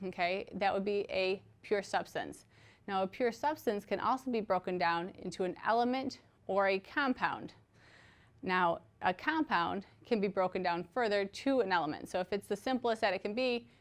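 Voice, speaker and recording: A woman teaching a recorded chemistry lecture, explaining patiently with everyday examples and checking in with "okay?" as she goes. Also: mid-range voice. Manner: conversational, frequent "okay?" check-ins.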